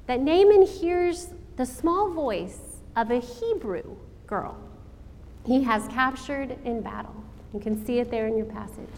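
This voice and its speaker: A woman preacher giving a sermon, telling the story in a slow, dramatic way with rhetorical questions. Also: sits high, darkish tone, slight background noise. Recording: long hall reverb, faint ambience.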